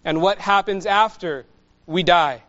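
A man preaching a sermon to his congregation, slow and measured, with emphatic pauses. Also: high-pitched, fairly bright tone, dull audio. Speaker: pastor.

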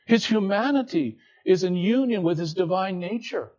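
A man preaching an expository sermon, slow and deliberate, dropping to hushed low tones and then rising to emphatic lines. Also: expressive, muffled recording.

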